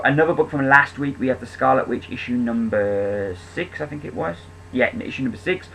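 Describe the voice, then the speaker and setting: A man's voice: mid-range voice, vocal fry, a bit bright, low-quality recording. Rambling, enthusiastic male comic reviewer. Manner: rambling, with many ums and restarts. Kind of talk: casual spoken review.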